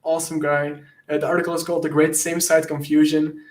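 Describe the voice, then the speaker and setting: An enthusiastic man speaks as a guest in a casual interview, his voice a touch high as he rambles and laughs at his own jokes. He sounds like a hacker talking shop with friends. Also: level tone, quick pace. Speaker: guest, penetration tester and content creator.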